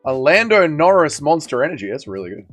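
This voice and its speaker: A man's voice: a little high, very animated, fairly quick, faint music behind. A man hosting a casual livestream watch party, tired and hungover, rambling and swearing in slangy banter with his chat. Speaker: livestream host.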